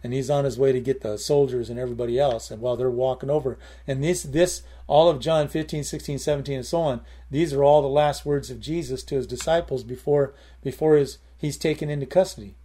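A man's voice: medium pitch, steady tone, a little fast, few pauses, warm tone. A man preaching a sermon in a conversational way, repeating key phrases and breaking into short prayers. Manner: conversational, with prayers and emphatic repetition.

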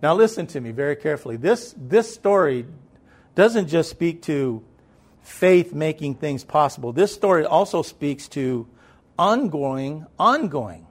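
A man's voice: fairly high pitch, big pitch swings, a little slow. A man preaching a sermon in a loose, conversational way, with many fillers and swells of emphasis.

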